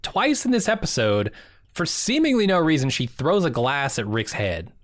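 A man's voice: a little high, big pitch swings, moderate pace, no room sound. Wry man in dry close-mic chat. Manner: wry, joking. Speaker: podcast co-host. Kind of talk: casual chat.

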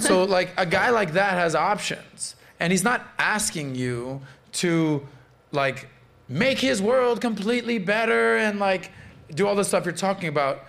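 A man's voice: high voice, animated, measured pace, vocal fry, a bit bright. A man around forty hosting a podcast, brash, joking and profane in casual chat. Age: late 30s to early 40s. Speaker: podcast host.

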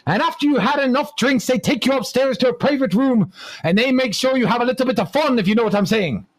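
A man's voice: extremely high pitch, quick pace, pitched above the performer's own voice. A man doing a bragging Irishman in a joke. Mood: boastful. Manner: cheeky, bragging. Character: boastful Irishman in a pub joke.

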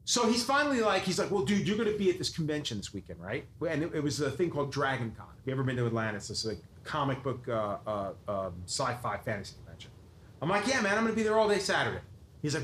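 A man's voice: on the high side, sing-song, quick pace, fairly bright tone. A man telling a profane story on a podcast, acting out quotes and swearing constantly. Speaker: tattoo artist telling a story. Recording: roomy echo with faint noise.

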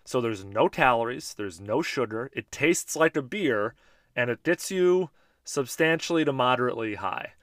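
A man's voice: mid-range voice, expressive, normal speed, fairly bright tone, no room sound. Laid-back male podcast host, dry close sound. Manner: laid-back, chatty, joking. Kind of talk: casual podcast talk reading listener voice memos.

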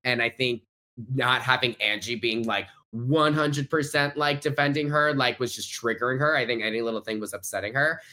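Male podcast guest, bright sharp tone, gossipy and eager to agree. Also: medium pitch, steady tone, moderate pace. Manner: gossipy, agreeable, laughs often. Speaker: guest commentator. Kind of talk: casual recap chat.

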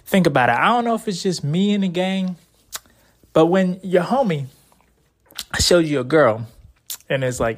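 A young man with a slightly higher voice rambles through a casual advice monologue. He talks bluntly and profanely in laid-back slang, repeating his catchphrases. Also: expressive, normal speed.

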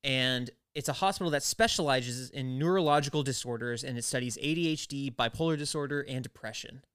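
A man's voice: medium pitch, a little fast, fairly bright tone, smooth, no echo, studio quality. A young man co-hosting a podcast, recapping a cartoon episode in casual chat and acting out the characters' lines. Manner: chatty, acts out characters' lines. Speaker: podcast co-host.

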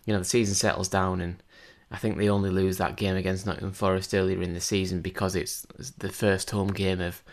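Low-voiced man rambling about football. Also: little pitch movement, a little fast, few pauses. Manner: rambling, many restarts and fillers. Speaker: podcast co-host. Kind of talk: casual football chat.

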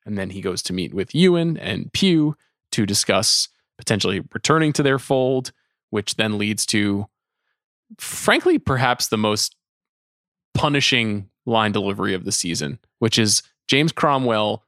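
A man's voice: on the low side, lively intonation, measured pace, a bit bright, no echo, clean studio sound. A man co-hosting a podcast, talking casually with wry, thoughtful asides. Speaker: podcast co-host. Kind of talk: casual chat about a TV episode.

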